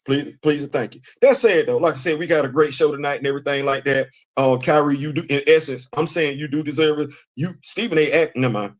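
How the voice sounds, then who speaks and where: A man's voice: a little high, fast talker, few pauses. A middle-aged man hosting a live commentary stream, talking casually, repeating himself for emphasis and answering his chat. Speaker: show host.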